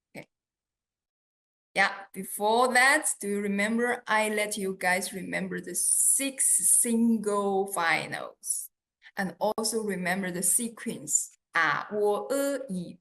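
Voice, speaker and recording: A woman with a Chinese accent teaching a beginner lesson, patient and deliberate, drawing out sounds to demonstrate them. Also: mid-range voice, gravelly, fairly bright tone.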